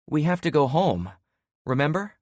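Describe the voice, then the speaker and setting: A man voicing a calm, caring young mother in an audiobook, speaking in a gentle, reassuring way. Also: on the high side, normal speed, no echo, studio quality, pitched above the performer's own voice. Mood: gently teasing.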